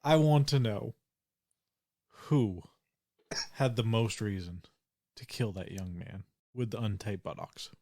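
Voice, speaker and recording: A man's voice: fairly low pitch, takes it slowly, long pauses, darkish tone, dry recording. Cryptic older lady baker with a dry, close sound, a man in the role, drops warnings. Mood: secretive. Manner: cryptic, conspiratorial. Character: older woman baker, secretive sleuth. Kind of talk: tabletop role-play.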